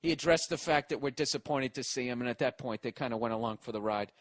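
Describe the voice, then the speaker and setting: A man with a Boston accent telling a long story on his podcast, rambling and swearing, growing animated as he goes. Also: medium pitch, fast, no echo, studio quality. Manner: profane, animated, rambling with restarts. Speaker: podcast host. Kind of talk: storytelling monologue.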